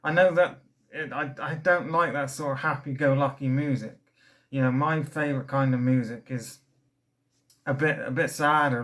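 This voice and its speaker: A man's voice: mid-range voice, a bit bright. A young man casually reviewing a record, rambling and enthusiastic, a little out of breath. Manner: rambling and enthusiastic, many fillers and restarts. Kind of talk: casual album review vlog.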